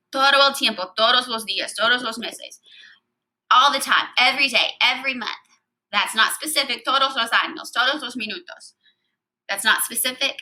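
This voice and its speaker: A woman's voice: on the high side, pushed and bright, low-quality recording. A woman teaching a recorded Spanish grammar lesson, explaining patiently and spelling out letters.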